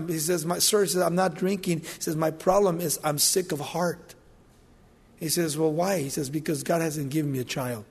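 A high-pitched man preaching a sermon, telling the story in a lively way and acting out the characters' lines. His voice rings with a long hall echo, as if recorded in a large church. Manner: animated retelling, acting out quoted voices.

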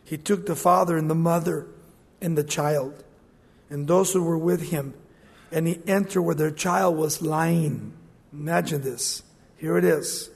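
Animated high-voiced male preacher in reverberant hall. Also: unhurried, gravelly, breathy edge. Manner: animated, acts out Bible scenes in quoted voices. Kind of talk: sermon.

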